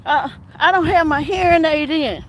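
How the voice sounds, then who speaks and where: A woman's voice: high-pitched, moderate pace, a little hiss or hum, pitched above the performer's own voice, natural voice, rough recording. A woman mimicking a frantic elderly lady. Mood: whiny. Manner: dramatic, breathless pleading.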